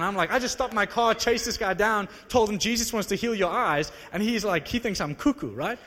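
A young preacher from South Africa delivers a sermon and tells his story with animated energy, his voice climbing into excited exclamations. His voice sits a touch high for a man. The sound rings with a long reverb from a large hall. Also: fairly quick, hardly any pauses. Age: young adult. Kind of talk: sermon with personal testimony.

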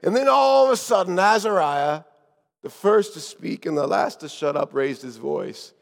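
Man, preacher, high voice, dramatic first-person sermon story, hushed moments, echoey hall. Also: expressive, normal speed, creaky. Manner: dramatic, dropping to hushed tones.

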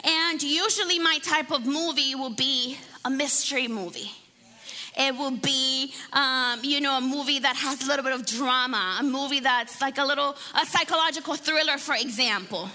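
A woman pastor with a high, bright voice moves from a prayer into a chatty, conversational sermon, often asking the congregation questions. She sounds like she is in a large hall with a long reverb, and soft music plays faintly behind her. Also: moderate pace. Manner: warm conversational preaching with laughs and audience questions. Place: church hall.

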